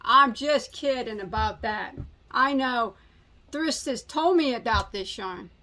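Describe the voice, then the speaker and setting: A woman's voice: on the high side, takes it slowly, sharp tone. A woman in her forties hosting a crochet channel, chatting casually in a rambling, self-mocking, joking way. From United States. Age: 40s. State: slightly out of breath. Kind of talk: casual chat.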